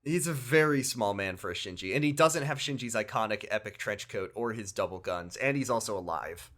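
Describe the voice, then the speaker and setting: A man's voice: on the low side, a little fast. A man co-hosting a podcast, casually retelling a video game story with laughs and acted-out lines. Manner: animated, laughing, acts out characters' lines. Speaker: podcast co-host.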